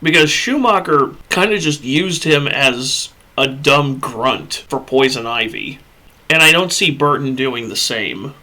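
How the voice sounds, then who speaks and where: A man's voice: medium pitch, expressive, measured pace, bright, forceful tone. A man hosting a casual movie discussion, ranting bluntly and profanely into a USB podcast microphone. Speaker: podcast host.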